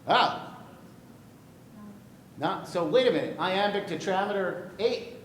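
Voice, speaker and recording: A man gives a classroom lecture on verse, joking and quizzing his students as he goes. His voice sits a little high and carries a roomy echo. A faint low rumble runs under the recording. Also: takes it slowly. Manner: lively, jokey, asks the class questions. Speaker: poetry teacher. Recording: echoey room with light rumble.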